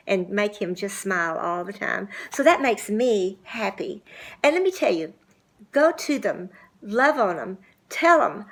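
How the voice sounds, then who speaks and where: An older woman giving a devotional church talk, homey and anecdotal, gently urging her listeners. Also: medium pitch, big pitch swings, moderate pace. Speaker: church speaker.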